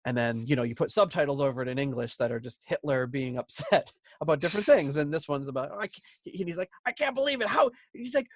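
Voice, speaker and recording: A man's voice: medium pitch, fast talker, few pauses, no echo, clean studio sound. A man co-hosting a podcast in casual chat. He tells stories with laughter and acts out quotes. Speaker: podcast co-host.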